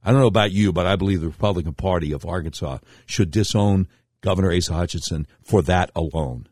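A middle-aged man hosts a radio talk show with a fairly low voice. He tells his stories emphatically, with a tone of indignation and sharp swings of pitch. The recording is dry and close, with no room sound. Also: fast talker, dry recording. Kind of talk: political commentary monologue.

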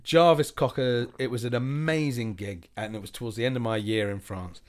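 A man telling an anecdote on a podcast, animated and acting out the lines of people in his story. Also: medium pitch, fairly quick. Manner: animated anecdote teller, acts out quotes. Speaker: podcast co-host. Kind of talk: casual chat, storytelling.

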